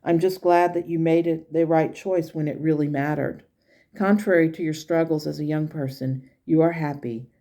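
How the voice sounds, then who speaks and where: A woman's voice: low voice, fairly even intonation, moderate pace, dark tone. A woman quoting the spirit of her late grandmother, who speaks frankly and lovingly, close to her own voice. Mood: tender. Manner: frank and blunt, with affectionate asides.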